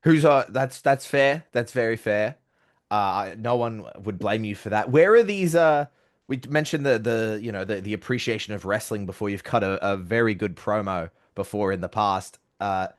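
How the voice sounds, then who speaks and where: A man's voice: on the low side, normal speed. A man interviewing a fighter, asking questions in a playful, teasing way. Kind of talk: casual interview.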